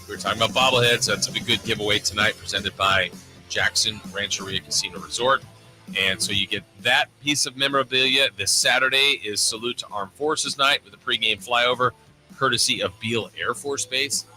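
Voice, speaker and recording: Very bright-voiced male radio co-host. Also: on the low side, a little fast, faint music behind, low-quality recording. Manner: upbeat promo delivery. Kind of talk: reading a sponsored segment and casual chat. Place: radio studio.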